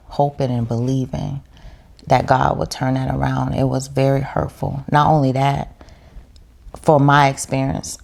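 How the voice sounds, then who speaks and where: A woman's voice: extremely low pitch, creaky, darkish tone. A woman, a podcast guest, telling her story in casual chat in a heartfelt, reflective way.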